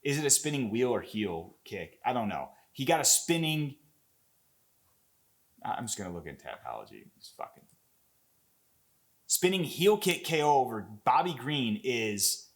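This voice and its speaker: A young man talking casually and excitedly as he breaks down an upcoming fight, swearing often and rambling with restarts. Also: mid-range voice, measured pace, pauses often. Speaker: MMA commentator.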